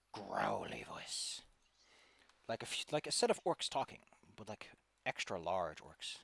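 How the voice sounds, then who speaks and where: A man's voice: medium pitch, no echo. A man narrating as game master in a tabletop game, talking loosely with lots of filler words.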